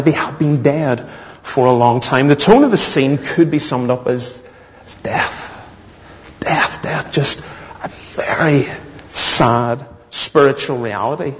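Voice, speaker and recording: A man preaching a sermon, mixing Bible reading with humorous personal stories. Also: mid-range voice. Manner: storytelling with self-deprecating humor. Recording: muffled, echoey hall.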